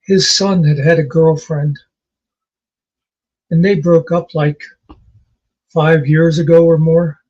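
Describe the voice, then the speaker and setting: A man's voice: fairly high pitch, flat delivery, slow pace, pauses often, a little mellow, dull audio. A man co-hosting a casual chat, telling rambling stories with many fillers. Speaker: podcast co-host.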